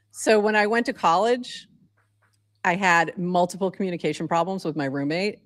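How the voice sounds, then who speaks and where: A woman from southeastern Massachusetts co-hosts a casual podcast. Her voice sits a little low, and she rambles in a chatty way with plenty of fillers. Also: moderate pace, fairly bright tone, dry recording, studio quality. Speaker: co-host.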